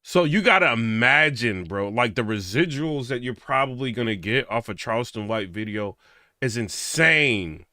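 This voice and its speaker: Animated, bright-voiced man chatting on stream. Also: medium pitch, normal speed, dry recording, studio quality. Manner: chatty, reads viewer comments aloud, laughs often. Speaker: streamer reacting to clips. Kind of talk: late-night casual reaction stream.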